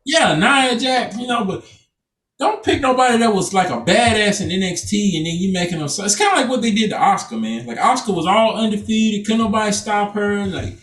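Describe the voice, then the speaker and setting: A man's voice: high voice, lively intonation, a little fast, a bit bright, far from the mic. A man co-hosting a casual podcast, talking loosely and cursing as he acts out quotes. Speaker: podcast co-host. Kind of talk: casual chat. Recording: echoey room, off-mic.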